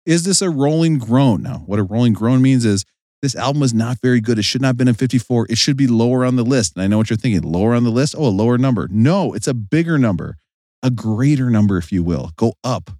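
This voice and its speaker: A man's voice: mid-range voice, fast talker, no echo, clean studio sound. A man hosting a casual comedic podcast, jokey and sarcastic, a bit out of breath while recording from a hot car. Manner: animated, jokey, sarcastic asides. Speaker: podcast host.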